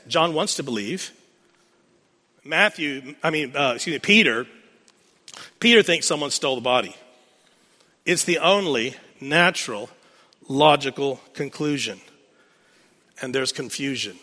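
A man's voice: medium pitch, bright, forceful tone. A man preaching a sermon, retelling a scripture scene as a story and repeating key phrases for emphasis. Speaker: pastor. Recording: long reverb of a large hall.

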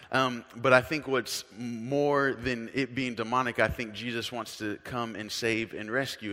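A male pastor preaching a sermon as a story, conversational and earnest, swinging between soft, hushed lines and loud emphatic ones. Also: medium pitch, in a large hall.

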